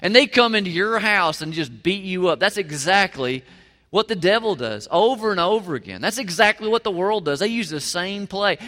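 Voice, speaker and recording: In a church, a pastor preaches in a conversational yet emphatic way, frequently putting questions to his listeners. His voice is high-pitched, expressive and bright with a forceful edge, moving at a moderate pace. The large hall gives the recording a long reverb.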